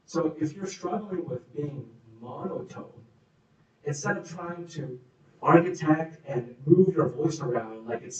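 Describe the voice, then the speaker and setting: A man coaches a workshop crowd through audience questions, slipping into little acted demonstrations of how people sound. His voice sits a bit high for a man. The sound is roomy and echoey, picked up from some distance off the mic. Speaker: workshop speaker. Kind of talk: live workshop Q&A talk. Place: meeting room. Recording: echoey room, speaker off mic.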